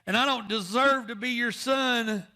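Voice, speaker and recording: A man's voice: very high-pitched, unhurried, pushed and bright, voice pushed up, heavily acted. A man acting out an ashamed young son apologizing to his father. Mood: pleading. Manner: pleading, apologetic.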